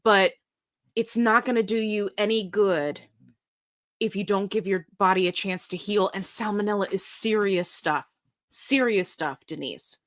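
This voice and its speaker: A woman's voice: medium pitch, unhurried. Chatty woman hosting a live Q&A. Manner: chatty and animated, reads comments aloud, breaks into silly sung bits. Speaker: livestream host answering viewer questions. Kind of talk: casual live Q&A chat.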